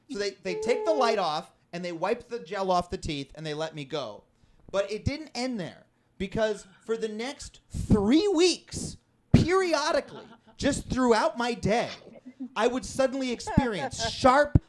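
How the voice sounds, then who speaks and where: High-voiced man doing animated stand-up. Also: normal speed. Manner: animated storytelling with shouted outbursts. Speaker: stand-up comedian. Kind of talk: stand-up comedy set. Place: comedy club stage with live audience. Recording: live audience in a club.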